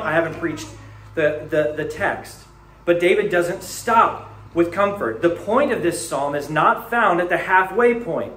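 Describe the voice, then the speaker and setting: A man preaching a sermon as a pastor, animated, dropping to hushed tones and rising to emphatic peaks. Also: sits high, roomy sound, rough recording.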